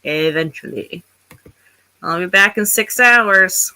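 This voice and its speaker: Woman streamer, unhurried and bright, easygoing chat with viewers. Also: medium pitch, animated, low-quality recording. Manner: chatty, thinks aloud, reads writing aloud. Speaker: livestream host of writing sprints. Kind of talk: casual livestream chat.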